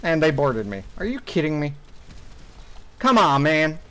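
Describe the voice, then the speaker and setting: Young man, gameplay commentary, high-pitched, very expressive, swears freely, rants at the game. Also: measured pace, rough recording. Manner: frustrated ranting with heavy swearing. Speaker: gaming YouTuber.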